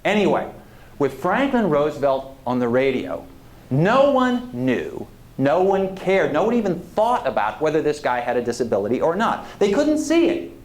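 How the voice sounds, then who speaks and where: A male historian gives a public lecture in a loose, conversational way, drifting into asides and putting questions to the audience. His voice sits fairly high and moves with lively rises and falls. The hall around him is roomy and echoey. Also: moderate pace.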